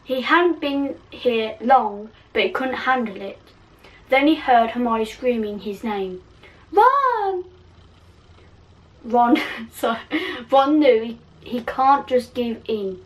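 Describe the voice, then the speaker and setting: Brief: woman reading her own story aloud, slow and a bit high, self-mocking asides, voice away from the mic. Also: distant mic, rough recording. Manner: giggly, self-mocking, stumbling over words. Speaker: channel host reading her fan fiction.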